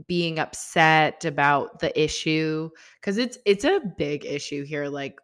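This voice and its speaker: Chatty and rambling, this young podcast host fills her casual solo talk with "like" after "like." She speaks in a low register with a fairly bright tone.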